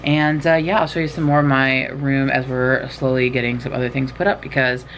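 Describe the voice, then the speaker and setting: A young Californian woman, a writing vlogger, chats casually to camera indoors in her bedroom, rambling and poking fun at herself. Her bass voice is fairly quick with little pitch movement, and there's a little hiss or hum.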